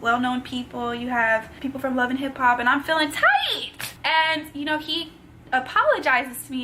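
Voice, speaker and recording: High-voiced young woman telling a story. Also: lively intonation, moderate pace, bright, forceful tone, a little hiss or hum. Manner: slangy, talks straight to viewers. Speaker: vlogger. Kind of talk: casual storytime.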